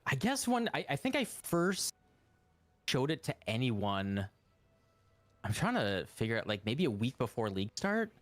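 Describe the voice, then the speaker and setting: A man's voice: medium pitch, huge pitch swings, a little slow, a bit bright, no echo. A man talking casually on a live stream about the tool he is building, rambling and laughing often. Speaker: guest developer of a game tool.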